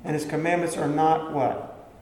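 A man's voice: on the high side, flat delivery, normal speed, darkish tone. A man preaching a sermon in a conversational way, asking the listeners questions and answering them himself. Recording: echoey hall with faint background ambience.

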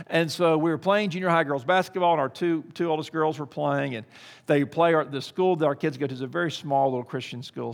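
A man's voice: a little high, in a large hall. Middle-aged man preaching a sermon. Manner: storytelling, then rising to emphatic preaching. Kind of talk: sermon with personal story.

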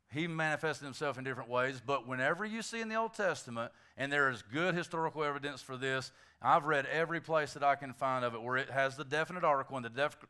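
A man preaching a sermon, talking to the congregation and building to emphatic shouts. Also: medium pitch. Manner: conversational asides to the congregation.

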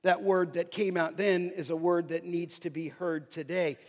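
A man preaching an expository sermon, emphatic, slowing down to stress key phrases as he reads scripture. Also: high-pitched, level tone. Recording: long hall reverb.

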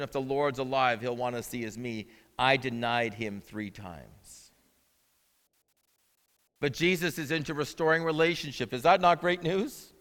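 Male pastor, high and bright, chatty preaching style, long echo of a big church hall. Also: clean tone. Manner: conversational preaching, asks the audience questions. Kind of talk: sermon. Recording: long reverb of a large hall.

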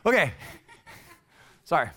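A man pastor giving a casual, humorous sermon, full of playful slang and animated asides. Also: takes it slowly.

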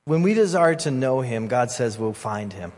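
A man preaching a sermon as pastor, conversational and animated, acting out voices in the story. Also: medium pitch, normal speed. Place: church hall. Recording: long hall reverb.

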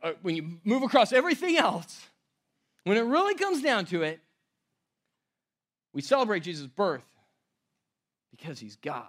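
Male pastor, high voice, emphatic sermon delivery with loud-to-hushed swings. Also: very animated, normal speed, long pauses. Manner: emphatic, swings between loud stress and near-hushed lines.

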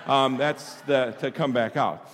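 A man voicing a polite, helpful butcher in a told joke, speaking softly. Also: medium pitch, steady tone, a little slow, pitched below the performer's own voice, natural voice. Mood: apologetic. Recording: long hall reverb.

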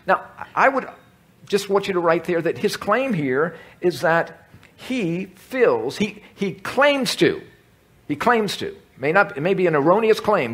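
A man's voice: high voice, very animated, measured pace, a bit bright, breathy edge. A man leading a Bible study class for a large group, talking through scripture in a conversational way, repeating words and asking the room questions. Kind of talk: teaching talk to a group.

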